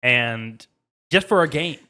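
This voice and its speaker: A man's voice: medium pitch, expressive, slow, sharp tone, smooth. A man co-hosting a casual gaming podcast, trading dry, teasing banter. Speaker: podcast co-host.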